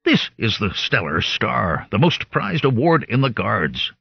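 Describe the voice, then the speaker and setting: A man voicing a gruff, blustering impostor noble with a thick put-on foreign accent. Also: on the low side, very animated, unhurried, dry recording, dull audio, exaggerated voice. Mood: boastful. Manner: growling, blustering.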